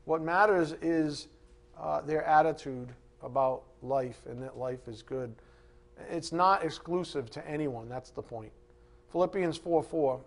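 A man's voice: a little high, measured pace, vocal fry. Emphatic man preaching a sermon. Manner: emphatic, repeats key words for stress; reads scripture aloud with rising emphasis.

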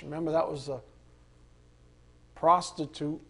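A man's voice: on the high side, animated, a little slow, long pauses, husky. A man leading a Bible study, reading passages aloud and adding earnest, casual asides. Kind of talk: conversational Bible teaching.

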